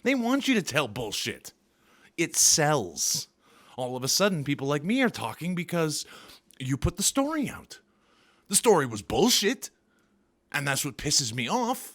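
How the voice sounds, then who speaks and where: A man's voice: a little high, huge pitch swings, measured pace, fairly bright tone. A man doing an angry, profane, sarcastic comedy rant as a vlogger.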